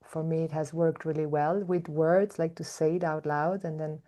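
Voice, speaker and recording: A woman speaks as a spiritual teacher in a slow, searching way, pausing on soft hums. Her voice sits a little low and has a mellow, dark warmth. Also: level tone. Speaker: spiritual teacher, podcast host. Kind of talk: reflective spiritual talk.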